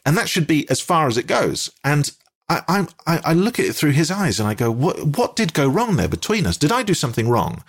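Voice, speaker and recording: A man's voice: mid-range voice, vocal fry, husky. A man with an English accent, telling a rambling, self-deprecating story as a guest in a casual conversation, hesitating often.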